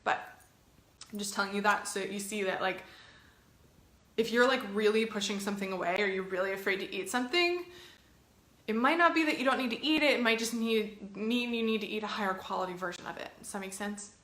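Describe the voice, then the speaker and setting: A woman's voice: mid-range voice, brisk, a bit bright, reverberant. A woman health coach talking casually to camera, chatty and encouraging, with lots of filler words.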